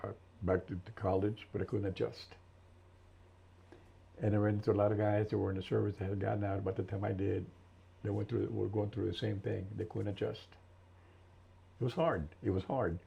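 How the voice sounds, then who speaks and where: A man in his seventies, an interview guest and military veteran, telling his story slowly and thoughtfully with many restarts in a gravelly voice. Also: fairly low pitch, little pitch movement. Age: 70s. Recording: dull lo-fi recording.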